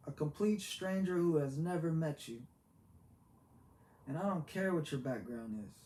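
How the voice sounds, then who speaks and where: A man giving a heartfelt, preachy motivational talk, halting and repeating himself as he goes. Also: fairly high pitch, a little mellow. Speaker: motivational vlogger. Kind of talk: earnest motivational monologue. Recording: echoey room with faint background hiss.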